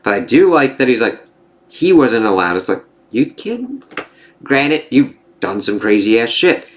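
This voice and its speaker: A man's voice: medium pitch, very animated, moderate pace, slight background noise. Rambling casual male comic reviewer. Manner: rambling, casual, swears freely.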